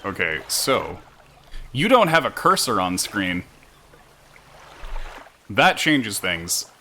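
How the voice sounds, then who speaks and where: A man's voice: lowish voice, very animated, takes it slowly, sharp tone, slight background noise. A man streaming a game, chatting casually with wry asides.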